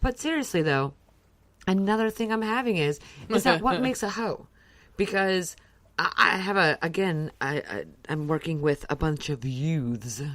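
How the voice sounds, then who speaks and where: This is a woman with a notably low, deep voice who talks in a casual podcast chat. She is middle-aged and rambles through profane stories, stumbling and restarting as she goes. The sound is dry and close, with no room around it. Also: animated, moderate pace, a bit bright, no echo. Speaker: podcast co-host.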